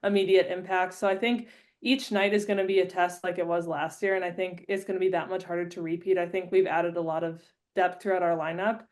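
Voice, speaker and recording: A young woman who plays hockey, a podcast guest answering in a measured, earnest way. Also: fairly low pitch, little pitch movement, darkish tone. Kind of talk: casual chat.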